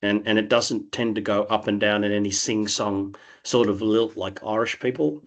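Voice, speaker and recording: Nasal Australian man, hesitant and low. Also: steady tone, normal speed. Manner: thoughtful, hesitant with frequent restarts. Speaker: interview guest. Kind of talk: conversational interview.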